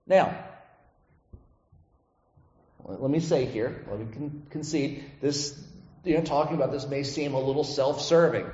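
A male pastor giving a conversational sermon, often checking in with his listeners with a quick question. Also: medium pitch, darkish tone. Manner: conversational, asks the congregation "right?" often. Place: church sanctuary. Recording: echoey church hall, dull lo-fi sound.

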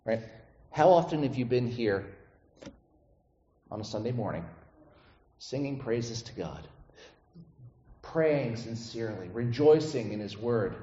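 A male pastor giving a conversational sermon, often checking in with his listeners with a quick question. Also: mid-range voice, warm tone. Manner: conversational, asks the congregation "right?" often. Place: church sanctuary. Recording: echoey church hall, dull lo-fi sound.

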